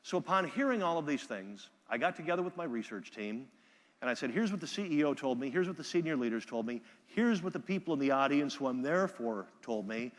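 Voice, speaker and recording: A man giving a live keynote speech from a conference stage, telling stories with energy and loud bursts when he quotes people. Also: on the high side, expressive, a little fast, long reverb tail. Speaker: keynote speaker. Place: large conference hall.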